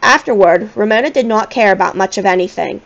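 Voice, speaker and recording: A woman's voice: mid-range voice, a little fast, gravelly. Woman reading a children's novel, muffled. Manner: gentle, expressive storytelling. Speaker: audiobook reader.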